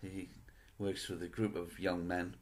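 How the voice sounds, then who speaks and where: A man's voice: low voice, little pitch movement, unhurried, darkish tone. An older man chatting to camera at home in a meandering, self-deprecating way. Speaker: vlogger. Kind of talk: casual chat to camera.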